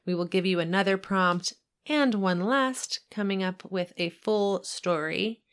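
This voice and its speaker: An upbeat woman co-hosting a writing podcast, laying out each step in plain words. Her voice sits at a middle pitch for a woman. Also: unhurried, smooth. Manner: upbeat, explains steps plainly. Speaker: podcast co-host. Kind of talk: casual chat and reading a short story aloud.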